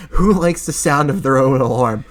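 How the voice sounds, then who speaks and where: Male podcast co-host, mid pitch, dry quipping voice. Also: lively intonation, a little slow. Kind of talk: casual chat.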